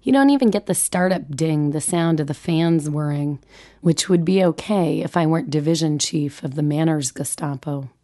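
A woman's voice: low-pitched, moderate pace, mellow. Wry woman reading her own essay. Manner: wry, self-mocking, vividly comic phrasing. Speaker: mother of two narrating her own essay. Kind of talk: reading a personal essay aloud.

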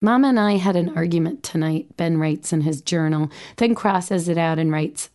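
A woman's voice: fairly low pitch, moderate pace, darkish tone. A woman in her forties reading her own memoir with a wry, self-deprecating manner. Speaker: memoir narrator, mother. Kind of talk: audiobook memoir narration.

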